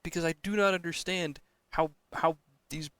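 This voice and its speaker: A man's voice: a little high, steady tone, normal speed, a bit bright, smooth, no room sound. A young man co-hosting a podcast, chatting casually and ranting with frequent swearing and exasperated outbursts. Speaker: podcast co-host. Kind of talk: casual chat.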